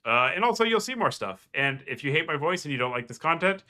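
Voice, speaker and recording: A man's voice: fairly high pitch, big pitch swings, fast talker, sharp tone. A man casting a strategy game match in a casual, rambling way, with a nasal voice and lots of fillers and restarts. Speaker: game commentator. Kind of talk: casual gameplay commentary.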